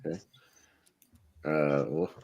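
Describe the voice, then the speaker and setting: A man's voice: a bass voice, fairly even intonation, takes it slowly, a little mellow, muffled recording. A man hosting a casual podcast panel, calling on each panelist to vote and laughing often as he swears in surprise.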